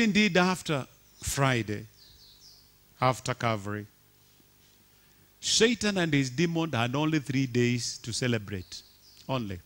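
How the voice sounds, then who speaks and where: A man's voice: mid-range voice, fairly bright tone. Guy preaching all fired up, voice jumps all over, keeps asking the crowd what they see. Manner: impassioned, repeating rhetorical questions to the congregation. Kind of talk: sermon.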